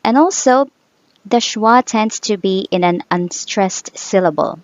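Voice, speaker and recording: A woman's voice: mid-range voice, unhurried, no room sound. A woman teaching English vowel sounds, saying each example word twice and drawing the sounds out carefully. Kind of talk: slow phonetics lesson. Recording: dull, dry sound.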